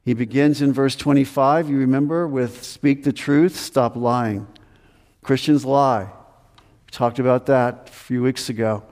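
A man's voice: mid-range voice, steady tone, unhurried, a little mellow, long reverb tail. A man preaching a sermon as pastor, earnest and emphatic, repeating his commands.

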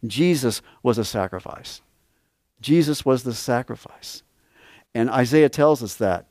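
A man's voice: mid-range voice, expressive, a little slow, a little mellow, no room sound, studio quality. A man preaching a sermon, reading scripture aloud and repeating key words with emphasis.

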